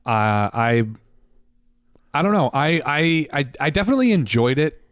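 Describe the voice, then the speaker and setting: A man's voice: a little high, very animated, clean tone, no echo, clean studio sound. Loose, swearing man chatting casually. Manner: loose, swearing, fast retellings of scenes. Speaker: podcast co-host. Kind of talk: casual film review chat.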